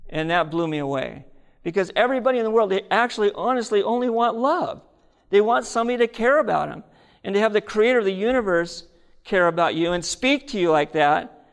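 Gravelly man preaching in a reverberant hall. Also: sits high, normal speed. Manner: earnest storytelling, addresses audience directly. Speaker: preacher giving his testimony. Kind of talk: testimony sermon.

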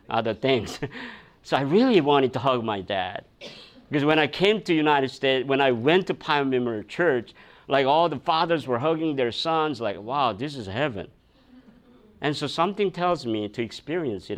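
A male pastor with a medium-pitched voice tells a personal story as his sermon. His delivery is loose, packed with fillers and restarts, and he laughs along the way.

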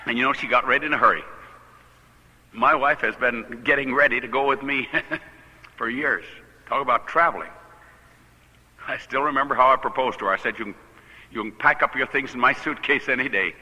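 An older man, a pastor, telling a personal story in a sermon, animated and laughing at his own tale. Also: medium pitch, big-room sound, low-quality recording.

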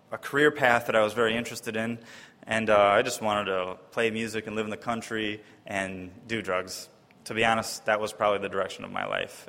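A man from Wisconsin telling a personal testimony story in a lively way, acting out the voices of the people he quotes. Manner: lively, acts out quoted voices, often pitching up high in disbelief. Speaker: speaker giving a personal testimony. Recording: long reverb of a large hall.

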